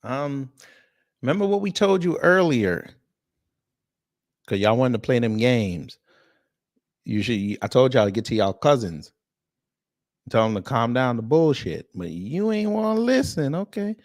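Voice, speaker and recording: Dude ranting casual commentary, cussing a lot, mocking tone, regular pitch. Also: male voice, unhurried, long pauses. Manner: profane, animated, mocking. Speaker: host.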